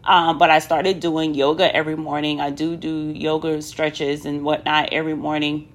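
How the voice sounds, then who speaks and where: A woman's voice: low-pitched, little pitch movement, moderate pace. A woman talking candidly to viewers in a casual personal vlog, chatty, with many ums and asides to "y'all". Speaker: vlogger.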